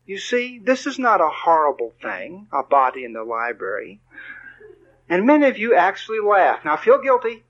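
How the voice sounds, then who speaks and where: An older man, a spiritual teacher, giving a playful, animated talk with readings. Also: high voice, moderate pace, dull audio.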